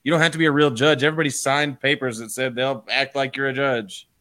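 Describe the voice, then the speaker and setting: A man co-hosts a podcast in casual chat. He is dry and teasing, with a mid-pitched, ordinary voice. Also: steady tone, fast, bright, forceful tone. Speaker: podcast co-host.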